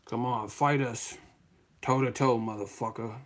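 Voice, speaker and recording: A man hosting a live show, talking casually with a profane, animated manner and frequent laughter. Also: medium pitch, a little slow. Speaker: host.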